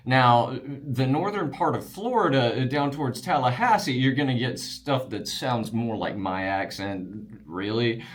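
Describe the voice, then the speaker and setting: A man's voice: medium pitch, unhurried, few pauses. A man from the Wiregrass region of Alabama with a Southern drawl, casually explaining regional accents with frequent fillers and restarts.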